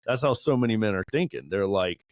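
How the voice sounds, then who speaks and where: A man's voice: lowish voice, lively intonation, fairly quick, no echo, studio quality. A man in his forties sharing his own story in a candid group discussion, earnest and self-deprecating, laughing now and then. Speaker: podcast panelist.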